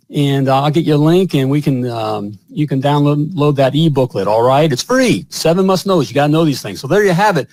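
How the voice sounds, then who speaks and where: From his home studio, the host of a live online plumbing show speaks in a slightly high voice with a darkish tone and no echo. His upbeat live-stream monologue is folksy and salesy, and he keeps repeating himself.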